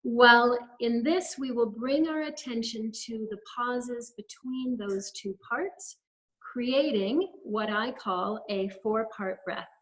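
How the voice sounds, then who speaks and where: A woman, a holistic health practitioner, leading a guided breathing exercise with gentle step-by-step instructions over a webinar video call. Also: on the high side, takes it slowly, low-quality recording.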